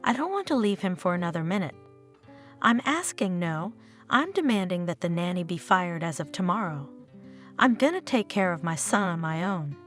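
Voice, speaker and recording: Emotional young mother in a storybook, read by a woman, lively pitch. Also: moderate pace, soft background music.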